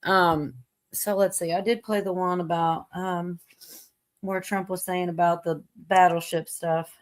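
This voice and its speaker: A woman's voice: lowish voice, level tone, unhurried. A woman hosting a casual livestream chat, rambling with lots of fillers and frequent laughter. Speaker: livestream host.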